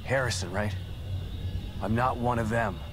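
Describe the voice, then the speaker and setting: A man's voice: medium pitch, steady tone, unhurried, natural voice. An actor playing a weary, guarded male detective who talks in short, clipped questions.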